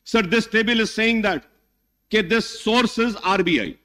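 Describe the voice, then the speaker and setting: Indian guy arguing hard in an assembly, high voice, lots of "sir", big echoey chamber. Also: moderate pace, pushed and bright. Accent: Indian English. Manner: emphatic, repeatedly addressing "sir", switching into Hindi. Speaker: legislator in a state assembly debate. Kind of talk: parliamentary speech. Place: large legislative chamber. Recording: long hall reverb.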